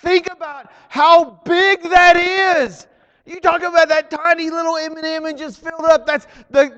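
Preacher, man, middle-aged: slow, dramatic, drops to a hush then shouts; long church reverb. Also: very high voice, steady tone, muffled recording. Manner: swings from hushed to shouted, dramatic emphasis. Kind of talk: sermon. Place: church hall.

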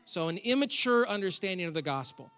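A man's voice: high-pitched, expressive, fairly quick, sharp tone, clear, resonant tone, in a large hall. A man preaching a sermon as pastor in a church, conversational and joking, with sarcastic asides. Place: church hall.

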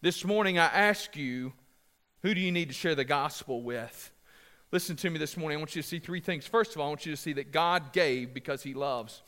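A pastor preaches to his congregation in a church sanctuary, his voice fairly high, fairly quick and fairly bright, echoing through a large hall. He's passionate and emphatic, repeating phrases and joking with the crowd in asides.

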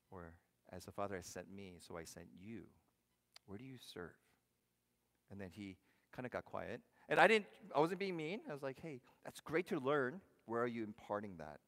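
Man preaching in a reverberant hall. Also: fairly low pitch. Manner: conversational preaching, asks the congregation questions, swings from loud to hushed. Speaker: pastor. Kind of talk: sermon.

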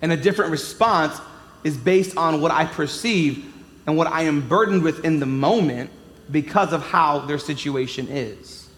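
A man's voice: on the high side, moderate pace, fairly bright tone. A man in his thirties preaching a sermon with emphatic delivery and joking asides. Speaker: pastor. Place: large church hall. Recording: echoey hall, long reverb.

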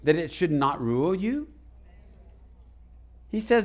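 High-voiced preacher. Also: male voice, sing-song, slow pace. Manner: preaching, calls to the congregation. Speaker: pastor. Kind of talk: sermon. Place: church sanctuary.

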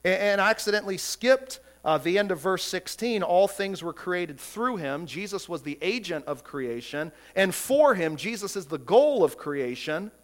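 A man's voice: high voice, moderate pace, few pauses, a bit bright. A man preaching a sermon as pastor, emphatic and full of rhetorical questions, often repeating words as he goes.

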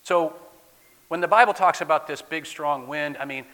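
Preacher with big swings from loud to soft. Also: male voice, fairly high pitch, moderate pace. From Midwest US. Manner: swings from loud declaiming to soft near-whispers. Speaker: guest pastor. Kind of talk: sermon. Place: church sanctuary. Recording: long hall reverb.

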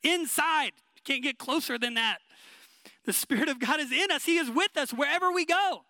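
A pastor preaching a sermon, emphatic and conversational, often repeating short phrases. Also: male voice, extremely high pitch, normal speed, pushed and bright, no room sound.

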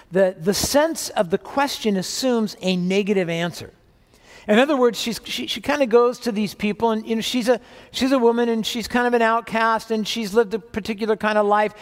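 Preaching in a big hall, this older man serves as pastor, his voice pitched high. His sermon has a conversational feel, laced with self-deprecating humor and playful side remarks.

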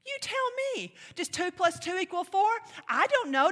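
A woman delivers a sermon with emphatic, animated energy and a high, bright voice. She acts out playful mock voices to drive her points home. Her words ring with the long reverb of a large hall. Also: normal speed, hardly any pauses. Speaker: preacher.

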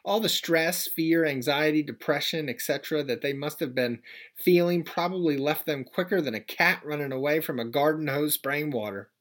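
A man in his thirties preaching a sermon as pastor, in a gentle, conversational way with folksy asides. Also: on the high side, normal speed.

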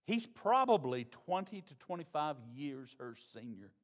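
A pastor, preaching a sermon in a conversational, folksy way. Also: male voice, on the high side, big pitch swings, a little slow.

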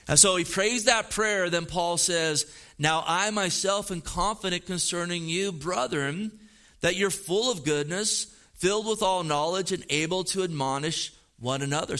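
A man's voice: sits high, pushed and bright. A middle-aged man preaching a sermon as pastor, earnest and emphatic, repeating phrases as he drives points home.

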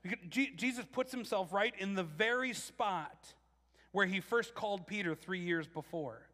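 A man preaching a casual, animated sermon, restarting phrases often and acting out quotes. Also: sits high, moderate pace, big-room sound. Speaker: pastor.

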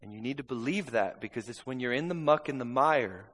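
A man's voice: mid-range voice, lively intonation, brisk, a bit bright, husky, long reverb tail, low-quality recording. A man preaching a sermon in a church, impassioned and conversational, often checking in with "amen?". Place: church sanctuary.

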